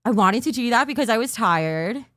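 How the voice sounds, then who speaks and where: A woman's voice: a little high, animated, moderate pace, fairly bright tone, no echo, studio quality. An overtired woman hosting a casual livestream, rambling and losing her train of thought. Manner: bursts into a mock auctioneer patter. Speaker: livestream host.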